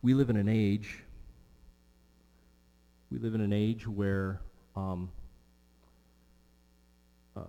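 A man preaching a sermon from the pulpit with a mellow, dark tone. He presses on key words and repeats his main lines for weight. His voice rings with the long reverb of a large hall. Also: on the low side, fairly even intonation, slow, long pauses, clear, resonant tone.

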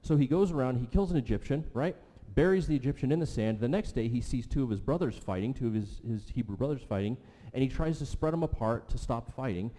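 A middle-aged man delivers a teaching sermon in a mellow, relaxed voice. He talks conversationally, asking the congregation questions and tagging points with "okay" and "right." His voice rings with the long reverb of a large hall. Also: mid-range voice, fast, hardly any pauses. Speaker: pastor.

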